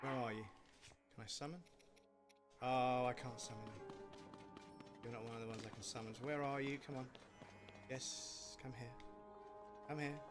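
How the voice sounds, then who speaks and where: This streamer has a mid-range voice with fairly even intonation, speaking at normal speed with long pauses. He chats casually during a game livestream, cursing and laughing when things frustrate him, while the game's music runs behind him.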